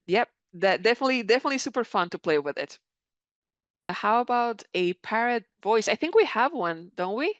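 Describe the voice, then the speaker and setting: A woman hosts a live software tutorial in a conversational, encouraging tone, reading out viewer comments as she goes. Her voice is smooth and clean, recorded dry with slightly dull, lo-fi sound. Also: fairly high pitch, big pitch swings, brisk, dry recording. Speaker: creator program mentor presenting a live session. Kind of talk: live software tutorial, answering chat questions.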